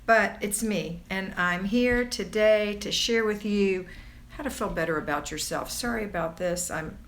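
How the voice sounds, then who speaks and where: A woman's voice: medium pitch, measured pace, a bit bright. A woman hosting a casual livestream, bubbly and gushing as she greets viewers one by one. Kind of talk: casual live-stream chat. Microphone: phone or camera on a borrowed tripod.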